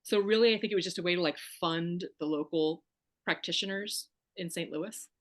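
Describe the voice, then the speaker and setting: A woman's voice: on the low side, fairly quick. A woman guest on a podcast, telling her own story in an emphatic, wry, candid way. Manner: emphatic, wry, acts out quoted voices.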